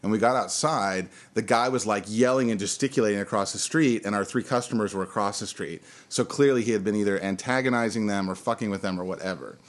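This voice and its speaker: A man's voice: on the low side, quick pace, hardly any pauses. A man, a bartender and podcast co-host, telling a story in a candid, profane, casual way. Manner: candid, profane, laughing now and then.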